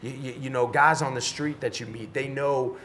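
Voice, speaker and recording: Animated, profane middle-aged storyteller man. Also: medium pitch, normal speed, a little hiss or hum. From Washington, D.C., USA. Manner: animated, profane storyteller who acts out dialogue. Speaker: podcast guest. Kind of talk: casual storytelling interview.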